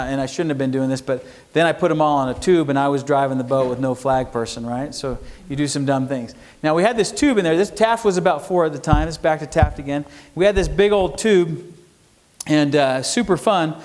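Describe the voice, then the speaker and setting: A man's voice: on the high side, a little mellow. A middle-aged man giving a talk to students, telling homespun stories and putting questions to the audience. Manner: folksy storytelling, asks the audience questions. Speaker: entrepreneur speaker. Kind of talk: lecture to students. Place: university lecture hall.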